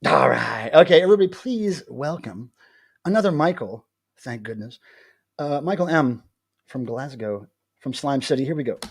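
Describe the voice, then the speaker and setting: A man's voice: mid-range voice, lively intonation, normal speed, vocal fry, breathy edge, no echo. A man hosting a live video chat, talking casually and animatedly, laughing often. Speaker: livestream host.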